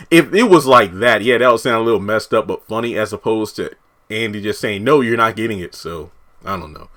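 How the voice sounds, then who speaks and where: A man's voice: medium pitch, expressive, normal speed, a bit bright. A man, a TV reviewer, casually recapping an episode, rambling and correcting himself as he quotes the characters.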